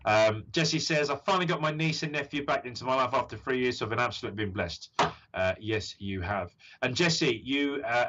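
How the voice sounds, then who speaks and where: Speaking briskly in a medium-pitched, somewhat bright voice, a British man in his thirties from the United Kingdom hosts a live stream reading as a psychic medium. He's encouraging and rambling, packed with fillers, and the stream's audio is dull and lo-fi.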